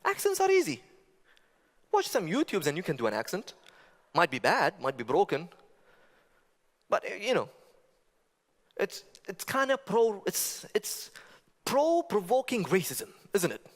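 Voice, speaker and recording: A man giving a stage talk with stand-up humor, talking conversationally, asking the audience rhetorical questions and making animated asides. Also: high voice, a little slow, pauses often. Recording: long reverb of a large hall.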